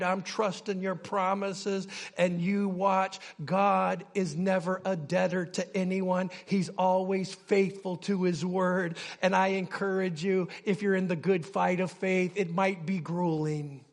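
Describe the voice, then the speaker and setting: An older man, a pastor, preaching a sermon with passion that builds toward near shouting. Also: high-pitched, steady tone, measured pace, vocal fry.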